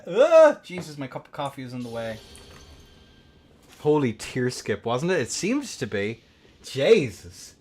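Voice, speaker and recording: A young man hosting a game tournament stream, rambling and swearing between bursts of excited play-by-play commentary. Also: mid-range voice, measured pace, long pauses. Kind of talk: casual livestream game commentary.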